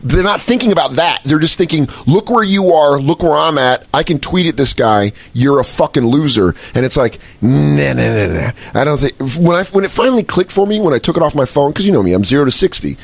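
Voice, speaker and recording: A man's voice: fairly high pitch, fast, hardly any pauses, no room sound. A man co-hosting a podcast in casual chat, swearing freely and acting out the voices of people he quotes. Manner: animated, swears a lot, acts out quoted voices. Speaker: podcast co-host.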